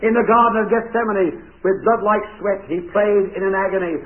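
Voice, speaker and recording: Emphatic preacher on a tinny old recording. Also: male voice, high-pitched, moderate pace, few pauses. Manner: emphatic, dramatic, quizzes the children. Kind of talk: children's object-lesson sermon.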